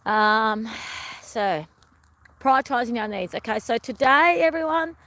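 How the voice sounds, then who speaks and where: A woman's voice: on the high side, expressive, unhurried, a bit bright. A middle-aged woman vlogger chatting to her viewers in a meandering, rambling way and often calling them everyone. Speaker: wellness vlogger. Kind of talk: rambling live-stream chat.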